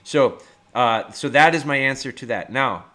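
A man's voice: medium pitch, normal speed, sharp tone. A man hosting a podcast, explaining dog training step by step in a plain-spoken, practical way. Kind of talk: instructional podcast talk.

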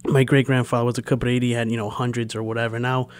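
A man's voice: mid-range voice, level tone, rapid-fire, smooth. A man hosting a radio show, chatting casually and rambling through family stories. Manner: chatty, rambling, laughs easily. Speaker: radio host. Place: radio studio.

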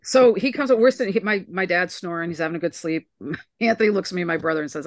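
A woman's voice: on the low side, fast talker, few pauses, dry recording, clean studio sound. A woman guest telling a family story in casual chat, acting out the voices of the people she quotes. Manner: animated, acts out quoted voices.

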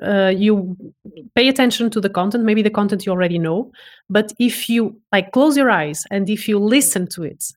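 A woman guest speaking as a voice expert in a casual interview, enthusiastic and given to restarts and repeated words. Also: medium pitch.

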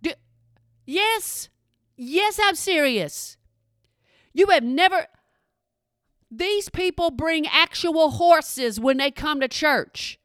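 Animated Texan woman telling a story. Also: sits high, slow, long pauses, dry recording, clean studio sound. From Texas. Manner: chatty, emphatic, keeps asking if you hear her. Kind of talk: storytelling monologue.

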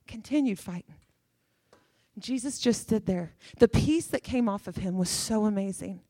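A woman's voice: fairly high pitch, normal speed, warm tone, dry recording, studio quality. A middle-aged woman preaching a sermon with fervor, emphatic and repeating phrases for effect.

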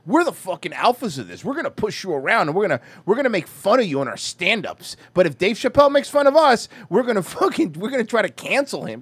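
An American man co-hosting a podcast in casual, crude, animated chat. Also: sits high, fast, hardly any pauses, breathy edge, dry recording. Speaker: podcast co-host.

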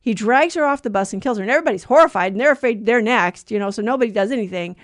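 A woman's voice: on the high side, racing, no room sound, studio quality. Earnest woman telling a story on the radio. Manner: earnest, animated storytelling with restarts. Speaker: radio show co-host.

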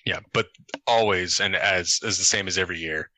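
Lowish guy with a really bright punchy voice, jokey, rambles on a live chat show. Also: a little fast, no echo, rough recording. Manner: jokey, rambling, restarts sentences. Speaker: co-host, game runner.

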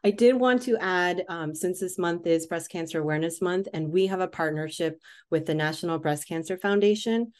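Earnest woman guest, lowish voice. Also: a little fast, a little mellow. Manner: earnest, explains plainly. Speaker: guest, skincare company founder. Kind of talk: interview answers.

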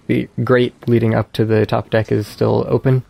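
A man running a tabletop game, his mid-pitched voice carrying a gravelly fry. The sound is dry and close, with no room around it. He sets each scene in an easy, unhurried way. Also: dry recording. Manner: descriptive, relaxed narration. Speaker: game master.

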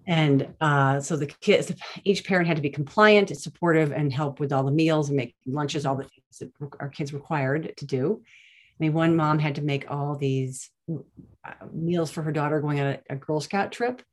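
A woman, a nurse and guest on an interview, telling stories in an animated, chatty way with many restarts. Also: low voice, normal speed. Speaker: nurse and plant-based diet advocate, guest. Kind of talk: casual interview storytelling.

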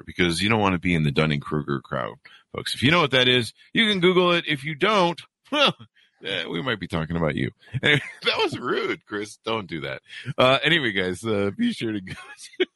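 A man's voice: lowish voice, animated, moderate pace, bright, forceful tone, dry recording. Rambling, joking male podcast host. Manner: joking, rambling, self-mocking. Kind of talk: casual rambling podcast intro and interview.

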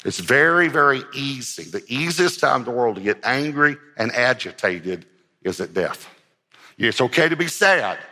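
A man's voice: medium pitch, very animated, normal speed, sharp tone, in a large hall. A man preaching a sermon as pastor, earnest and emphatic, driving points home with repeated phrases.

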